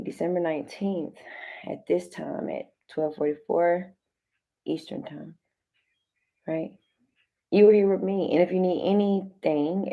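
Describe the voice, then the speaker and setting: A young woman talks through a tarot spread with her audience in a low, gravelly voice. She is loose and direct, full of slang and repeated phrases. Her lines restart often and speak right to the viewer. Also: dark tone. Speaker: tarot card reader. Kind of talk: casual tarot reading addressed to viewers.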